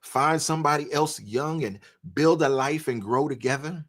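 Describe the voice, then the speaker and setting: A man's voice: on the high side, moderate pace. Male live-stream host, casual reaction commentary with a preachy streak. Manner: conversational, preachy asides, laughs between points.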